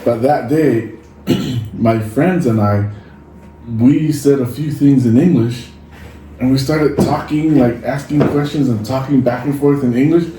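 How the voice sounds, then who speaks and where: A man's voice: mid-range voice, a little slow. Man, echoey distant mic. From Samoa. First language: Samoan. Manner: animated storyteller who acts out quoted lines. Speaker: podcast co-host. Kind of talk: casual storytelling chat. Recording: echoey room, distant mic, faint noise.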